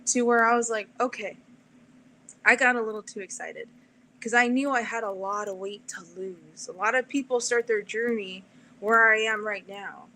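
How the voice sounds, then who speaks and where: A woman's voice: a little high, moderate pace. A woman as an interview guest, chatting casually and acting out the people in her stories. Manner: animated storyteller, acts out quotes. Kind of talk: casual chat.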